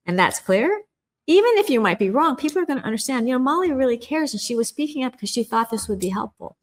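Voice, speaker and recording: On a podcast, a middle-aged woman guest with a fairly high voice earnestly lays out a communication skill. She speaks emphatically and performs the inner voices she quotes.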